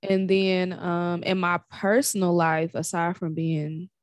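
A young woman from Chicago with her home accent chats candidly as a podcast guest, relaxed and easy to laugh. Her voice sits a little low and the sound is dry and close. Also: slow pace, dry recording. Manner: laid-back, laughs often, candid. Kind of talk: casual podcast chat.

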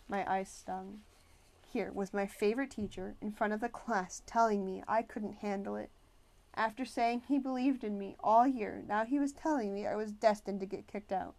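A woman narrating a first-person novel as an audiobook, measured and expressive. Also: medium pitch.

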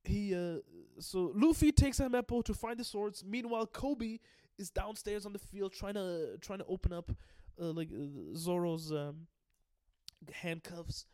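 A man in a casual anime episode recap who talks excitably, swears a lot, laughs often and rambles with many restarts. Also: high voice, unhurried, smooth, dry recording, studio quality.

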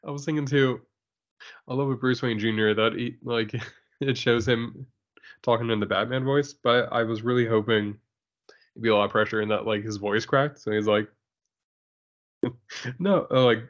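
A man's voice: mid-range voice, fairly even intonation, normal speed, long pauses, muffled recording. A man co-hosting a podcast, laughing often and joking as he talks about a comic. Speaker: podcast co-host. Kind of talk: casual chat about comics.

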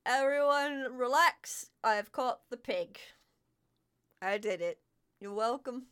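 A towering werewolf guard with a soft heart and a proud streak, drawling his words slowly in a gruff tone, as a woman puts him on. He speaks in a fairly high voice for a big creature, in a tabletop role-play. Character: huge gentle male werewolf guard, proud.

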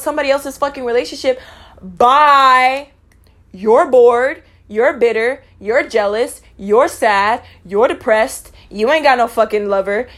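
A woman's voice: on the high side, fairly bright tone. A young woman venting to her viewers in a blunt, profane, exasperated rant, calling out people directly. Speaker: vlogger. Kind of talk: angry personal rant to camera.

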